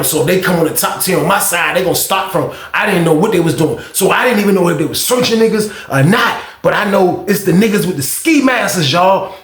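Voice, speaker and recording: Man, storyteller, gravelly and fairly high voice, animated and profane, recorded with a roomy echo. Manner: animated, profane, talks straight to viewers. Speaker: storyteller, channel host. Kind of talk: casual prison storytime.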